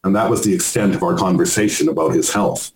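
A man, an author, reading aloud from his own memoir in a measured storytelling manner. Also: low-pitched, steady tone. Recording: roomy with faint noise.

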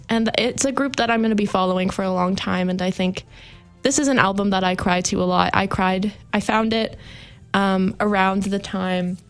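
A young woman speaks into a studio microphone at a campus radio station, chatting in a rambling, heartfelt way full of fillers. Her pitch stays level and even, in a mid register. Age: young adult. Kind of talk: sentimental farewell radio chat.

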